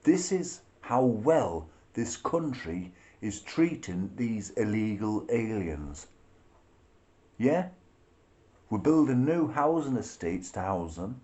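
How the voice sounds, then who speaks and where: A man's voice: fairly low pitch, very animated, slow, warm tone. A man delivering a profane, sarcastic rant to camera, laughing between his remarks. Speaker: political vlogger. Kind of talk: ranting monologue.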